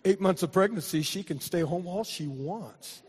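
An older man, a pastor, telling a personal story in a sermon, with many restarts, building to loud, fervent preaching. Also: high voice, normal speed, slightly rough. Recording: long hall reverb.

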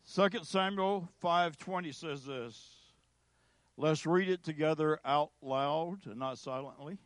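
A male pastor delivers a sermon in a slow, deliberate way, leaning hard on single words and letting pauses hang. His voice sits high for a man. The sound is dry and close. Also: no room sound. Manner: slow, emphatic preaching with dramatic pauses.

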